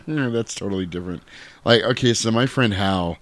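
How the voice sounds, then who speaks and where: Low-voiced man chatting casually. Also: moderate pace, no room sound. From United States. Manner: animated, laughs often, swears casually. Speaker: podcast host. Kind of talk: casual chat.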